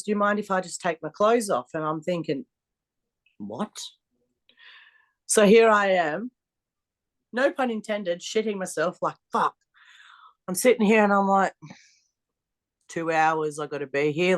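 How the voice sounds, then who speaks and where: A woman, a strongwoman athlete telling blunt, swear-filled stories in a casual interview. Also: lowish voice. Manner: blunt, swears freely, animated storyteller. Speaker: podcast guest, strongwoman athlete.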